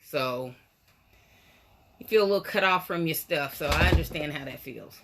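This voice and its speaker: A woman's voice: low-pitched, moderate pace, music in the background. A woman hosting a casual live stream from her doll room at home, chatting and greeting viewers by name, a little out of breath. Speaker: host of a weekly live stream about dolls. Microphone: phone live stream.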